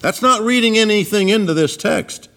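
In a church sermon, a man with a fairly bright tone speaks at a moderate pace. He retells scripture with emphatic, dramatic shifts up and down in pitch.

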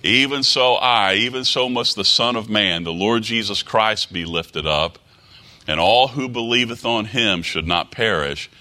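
A man preaching a sermon in a low, very bright voice. He reads scripture aloud in old-fashioned wording. His pitch lifts and drops to stress key words. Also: a little slow. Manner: rises and drops in pitch for emphasis.

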